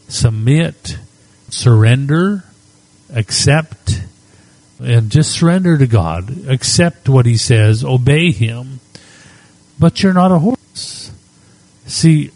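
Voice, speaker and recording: A middle-aged man preaching as a pastor, moving between quiet spoken prayer and reflective storytelling. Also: mid-range voice, expressive, dry recording, rough recording. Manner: unhurried, reflective storytelling with soft prayerful asides.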